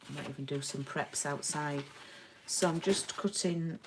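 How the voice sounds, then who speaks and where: A woman's voice: sits low, normal speed, background noise. A woman giving a chatty live-streamed card-making lesson and greeting viewers by name. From England.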